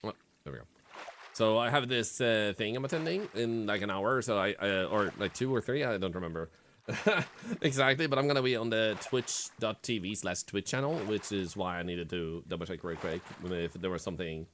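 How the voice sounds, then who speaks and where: Streamer, male, excitable game commentary, bright voice, on a streaming mic. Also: on the low side, normal speed, slight background noise. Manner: excitable, swearing, jokey running commentary.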